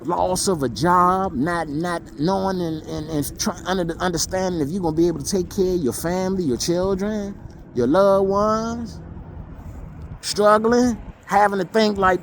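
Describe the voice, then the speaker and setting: A man's voice: high-pitched, steady tone, normal speed, noisy background. A man giving a blunt, emotional monologue, profane and repeating himself for emphasis. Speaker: vlogger.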